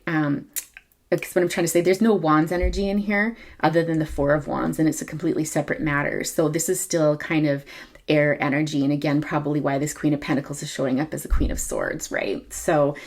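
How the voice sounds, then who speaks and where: A woman reading tarot cards to camera in a casual, halting way, full of ums and self-corrections. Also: low voice, darkish tone. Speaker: tarot reader.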